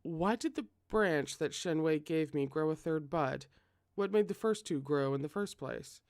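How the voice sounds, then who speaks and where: A fan reader voicing an earnest young female coworker who speaks hesitantly with a lowered voice. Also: measured pace, a little mellow, no echo, clean studio sound, lightly acted.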